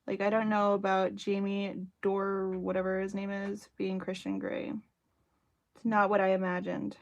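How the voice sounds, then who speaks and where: A woman's voice: mid-range voice, completely flat delivery, normal speed, muffled recording. Chatty woman hosting a craft livestream. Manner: chatty and playful, teasing her husband. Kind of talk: casual chat while crafting live. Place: her room at home, at her desk.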